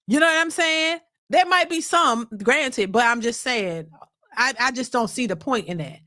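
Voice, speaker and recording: A woman hosts a casual reaction commentary with a high, bright-pitched voice. She rants emphatically and profanely, often stumbling and repeating words. The sound is dry and close. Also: moderate pace, dry recording. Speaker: host.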